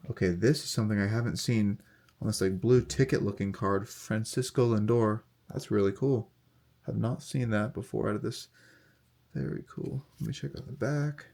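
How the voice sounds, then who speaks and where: A young man casually talking through a card unboxing, reading off player names in a steady, relaxed list. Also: fairly low pitch. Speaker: card collector unboxing host.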